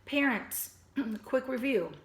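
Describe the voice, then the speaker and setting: A woman teaching a recorded piano lesson to children and their parents, patient and instructive, slightly hoarse and often clearing her throat. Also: high-pitched, expressive, takes it slowly, roomy sound. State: losing her voice. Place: at a piano, indoors.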